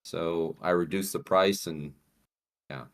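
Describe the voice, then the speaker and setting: A man calling in to a live stream, chatting casually in a relaxed, hesitant way with many fillers. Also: low-pitched, slow pace. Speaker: caller. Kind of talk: casual chat on a call.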